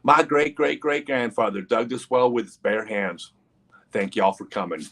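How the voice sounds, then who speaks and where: A man voicing a deadpan teenage farm girl with a Southern accent, speaking in a flat, insistent drawl. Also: medium pitch, normal speed, gravelly.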